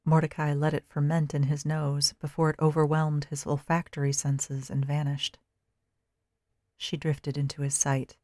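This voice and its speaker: A narrator reading a dark story in a steady, measured way. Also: medium pitch, dry recording, studio quality.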